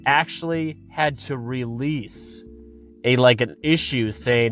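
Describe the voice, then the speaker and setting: A man's voice: mid-range voice, slow pace, fairly bright tone, soft background music. A man hosting a podcast, delivering a profane comedic rant in an exasperated, swearing manner. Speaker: podcast host.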